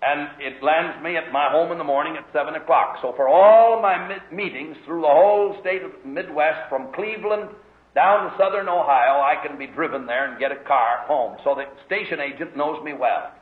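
A middle-aged male preacher with a fairly high voice, delivering his sermon as animated storytelling full of emphatic rhetorical questions. The sound is thin and tinny, like an old phone-band recording, and the room rings with echo. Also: moderate pace.

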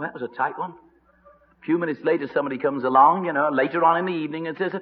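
A man preaching a sermon, telling the story with lively narration and acted-out voices. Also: a little high, fast talker. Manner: animated storytelling, acting out voices. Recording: reverberant dull old radio broadcast.

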